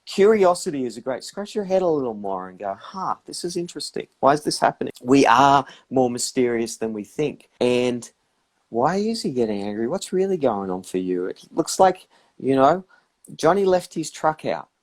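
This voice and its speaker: A man's voice: mid-range voice, sing-song, moderate pace. Man, reflective advice, acts out inner voices, live chat. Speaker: guest practitioner.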